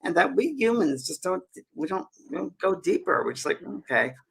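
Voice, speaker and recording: Man, medium co-host, casual livestream chat, rapid, lively pitch, gravelly and husky. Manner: animated, rushed, with restarts.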